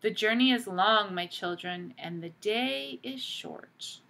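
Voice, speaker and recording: A woman's voice: medium pitch, slow pace, vocal fry, pushed and bright, slight background noise, full character voice. A woman doing a sly old wolf posing as granny. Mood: coaxing. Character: cunning old male wolf posing as grandmother.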